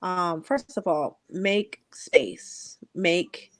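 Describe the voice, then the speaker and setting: A woman's voice: fairly low pitch, no echo. Earnest woman in her forties, dry sound. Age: 40s. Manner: earnest, reflective, halting with restarts. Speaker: host. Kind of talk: heartfelt conversational storytelling.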